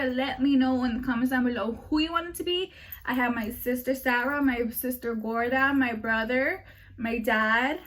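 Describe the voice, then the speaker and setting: A young woman, chatting and giggling as she vlogs from a car. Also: sits high. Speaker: vlogger. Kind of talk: casual vlog chat. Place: in a car on city streets. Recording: street traffic noise. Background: traffic noise.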